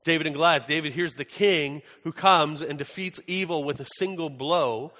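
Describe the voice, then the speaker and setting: A male pastor with a bright, somewhat high voice gives a chatty, storytelling sermon. He often restarts his sentences and uses filler words. His voice rings with a long reverb in a large church hall. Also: normal speed.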